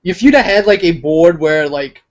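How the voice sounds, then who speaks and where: A man on a casual podcast who chimes in with measured corrections. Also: fairly high pitch. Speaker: podcast co-host. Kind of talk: casual banter among friends. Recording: dull lo-fi sound.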